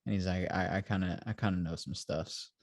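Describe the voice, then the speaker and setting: Low-pitched and brisk, this man's darkish voice keeps a fairly even intonation, with a little hiss or hum in the recording. He co-hosts a podcast, chatting loosely about what he's reviewing, acting out scenes with "he's like" lines and lots of laughter.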